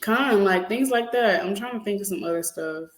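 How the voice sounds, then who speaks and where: A young adult woman co-hosting a casual chat, lively and laughing often, with plenty of fillers. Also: medium pitch, normal speed, roomy sound, rough recording. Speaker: podcast co-host.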